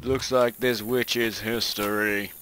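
A man's voice: lowish voice, slow. A man hosting a let's play, chatting and calling out what happens in the game. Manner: lively, chatty, calls out game events. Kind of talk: casual gaming commentary. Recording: loud gameplay noise behind.

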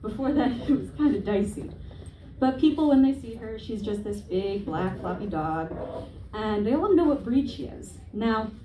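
Brief: woman stand-up in her twenties, wry and profane, mellow tone, off-mic in an echoey club with faint room hum. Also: mid-range voice, animated, normal speed. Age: 20s. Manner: self-deprecating, profane, wry asides. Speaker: stand-up comedian. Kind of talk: stand-up comedy set. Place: comedy club stage. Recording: echoey room, heard from a distance.

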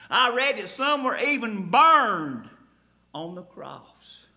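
Male pastor, high bright voice, slow deliberate fervent preaching delivery. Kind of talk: sermon.

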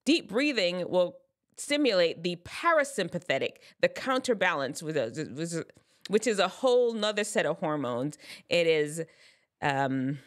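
Woman, lowish voice, casual explainer vlog, chatty and self-correcting. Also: expressive, unhurried. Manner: chatty, loose and self-correcting, slips into science terms. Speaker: advice vlogger.

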